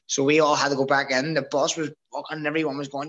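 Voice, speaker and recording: A man's voice: a little high, fairly even intonation, quick pace, few pauses, sharp tone, poor audio. Swearing Irish man telling a story. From Ireland. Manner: swears freely, acts out quotes of others. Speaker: guest, former amateur boxer. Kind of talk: casual storytelling.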